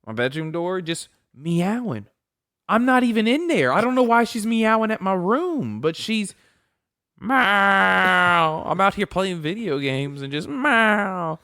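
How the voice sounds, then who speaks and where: Profane young man telling animated stories. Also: high voice, normal speed, no echo, clean studio sound. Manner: profane, animated storyteller who acts out voices. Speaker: podcast co-host. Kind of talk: casual chat.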